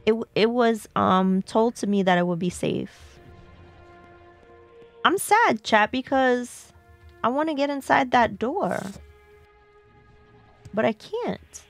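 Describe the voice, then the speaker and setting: Woman streamer, unhurried, chatty with viewers as she plays, faint game music under her voice. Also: on the high side, animated, creaky. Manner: chatty, talks to herself and chat while playing. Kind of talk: live game stream chat.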